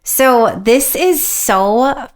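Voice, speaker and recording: Lively, emotional woman podcast co-host. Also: high-pitched, extremely slow. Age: young adult or middle-aged, a mother. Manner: animated and emotional, laughs often. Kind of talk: casual chat.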